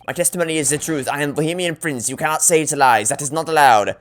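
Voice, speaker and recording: A man's voice: fairly high pitch, fast, close to an everyday voice. A man voicing a pompous, petulant foreign prince from a game, in a clumsy attempted German accent.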